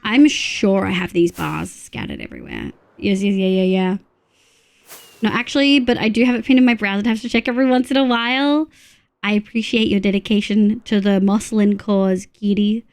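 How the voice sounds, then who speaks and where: A woman's voice: mid-range voice, lively intonation, normal speed, gravelly, darkish tone. An Australian woman streaming live, chatting casually with viewers as she plays, counting aloud under her breath and swearing freely. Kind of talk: casual live-stream chat while playing.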